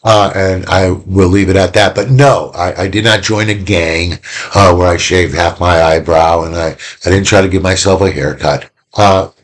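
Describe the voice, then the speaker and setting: Male teacher, deeper voice, chatty and animated, a casual video lesson with bits of play-acting. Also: moderate pace. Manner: animated, chatty, acts out little quoted exchanges.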